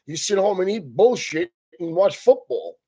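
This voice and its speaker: A man's voice: high voice, sing-song, normal speed, warm tone, breathy edge. A man comedian on a casual, profane rant, swearing constantly and breaking into laughs mid-sentence.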